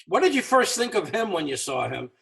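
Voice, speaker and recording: A man's voice: high-pitched, very animated, a little fast, gravelly, fairly bright tone. A man hosting a talk show, asking questions and giving short encouraging reactions. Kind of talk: casual interview.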